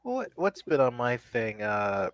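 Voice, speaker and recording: A man's voice: mid-range voice, sing-song, slow, no room sound, muffled recording. A man co-hosting a casual podcast chat, telling stories in a laid-back way with quoted asides. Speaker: podcast co-host.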